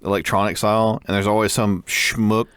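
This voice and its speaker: A man's voice: fairly low pitch, little pitch movement, normal speed, a bit bright, smooth, no room sound, studio quality. Laid-back, chuckling male podcast co-host. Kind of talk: casual chat.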